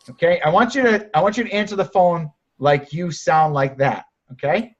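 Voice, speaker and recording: A man's voice: a little high, lively intonation, normal speed. A man coaching sellers on a group call, direct and encouraging, often restarting his sentences. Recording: muffled lo-fi audio.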